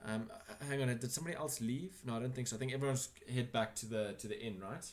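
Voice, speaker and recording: A man's voice: mid-range voice, fast talker, reverberant. A man narrating a tabletop game as game master, in a casual, rambling way with many fillers.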